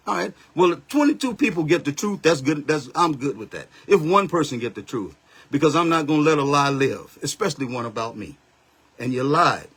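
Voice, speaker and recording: This is a man in his seventies, a pastor and livestream host, broadcasting on Facebook live through a phone or webcam. His fairly high, slightly bright voice has a breathy edge as he delivers a blunt, confrontational street-style rant.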